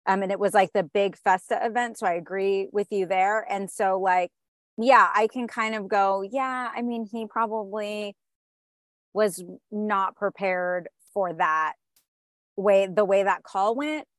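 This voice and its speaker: A woman co-hosting a casual podcast chat, animated, often laughing and acting out quoted dialogue. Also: mid-range voice, no echo. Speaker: podcast co-host.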